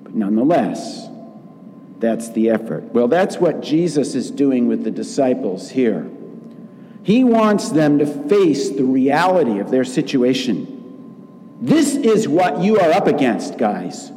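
A man preaching a sermon as pastor, acting out quoted lines with lively changes of voice. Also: mid-range voice, slight background noise. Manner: slow, animated preaching with acted quotes. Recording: long reverb in a large room.

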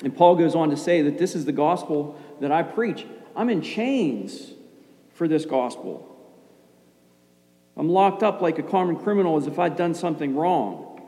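Middle-aged male pastor, mellow low-key sermon delivery, big reverberant church. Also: moderate pace. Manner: calm and low-key, not animated. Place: church sanctuary. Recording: long hall reverb.

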